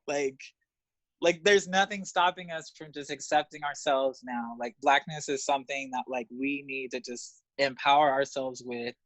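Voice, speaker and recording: A man in his thirties from Los Angeles, a guest telling candid, profane stories in an interview, animated and laughing often. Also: no echo. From Los Angeles, USA. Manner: animated, profane, laughs often, jumps up in pitch when excited. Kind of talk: candid storytelling in conversation.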